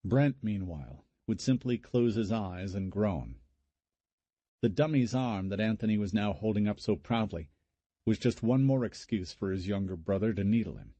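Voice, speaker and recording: A man narrating a horror audiobook in a steady, measured way. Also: on the low side, no room sound. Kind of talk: scripted narration.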